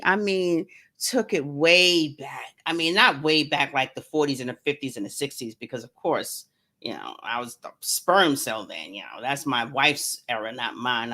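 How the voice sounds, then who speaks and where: A woman's voice: mid-range voice, pushed and bright. Chatty woman hosting a home livestream. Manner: chatty, greets viewers by name, playful asides. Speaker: livestream host and author. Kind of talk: casual live-stream chat.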